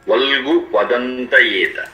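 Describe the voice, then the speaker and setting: Man, bright sharp voice, patient word-by-word teacher, roomy echo, faint music behind. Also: mid-range voice. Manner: slow, repetitive word-by-word explanation. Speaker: Vedic teacher. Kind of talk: explanatory lecture.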